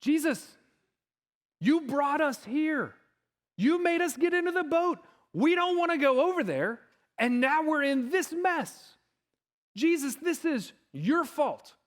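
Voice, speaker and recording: A male pastor voicing frightened disciples crying out in a storm, pleading and accusing in a raised, high voice. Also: sing-song, normal speed, few pauses, a bit bright. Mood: panicked accusing.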